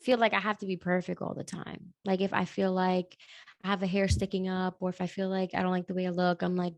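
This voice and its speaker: A woman journalist and radio host, talking fast and animatedly as a guest in a casual interview, with lots of "like.". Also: lowish voice, flat delivery, dry recording.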